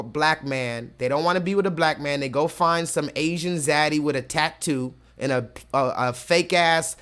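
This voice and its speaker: A man's voice: fairly high pitch, fairly bright tone. Profane, emphatic male livestream host. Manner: profane, emphatic, slows down to stress points. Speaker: streamer host reading chat comments. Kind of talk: casual livestream rant.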